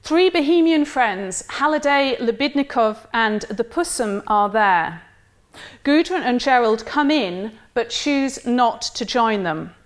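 A woman giving a literature lecture in a measured, wry way, reading quoted passages aloud. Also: fairly high pitch, animated.

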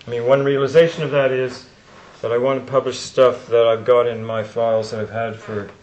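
A man's voice: mid-range voice, flat delivery, a little mellow, highs cut off, a little hiss or hum. Older man speaking in a roomy hall. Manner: reflective, recites poetry with slow emphasis. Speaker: honoree giving closing remarks. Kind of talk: conference closing address. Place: lecture room.

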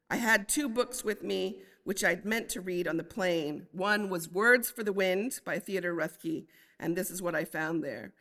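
A woman lecturing on poems and reading them aloud, thoughtful and unhurried, with frequent ums. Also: lowish voice, a bit bright, in a large hall. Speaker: literature lecturer.

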